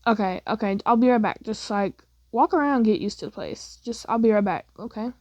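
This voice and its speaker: A woman voicing an excitable, chatty teenage boy who is the listener's best friend, gushing and calling everyone "girl". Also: fairly high pitch, a little fast, dry recording, lightly acted. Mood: excited. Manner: gushing, calls people "girl".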